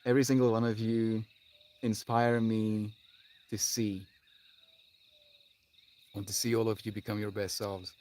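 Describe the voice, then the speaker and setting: A man streaming live to his viewers, talking in a dreamy, heartfelt way with laughs and sighs, long pauses and phrases that trail off quietly. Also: lowish voice, flat delivery. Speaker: livestreamer. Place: outdoors with birds audible.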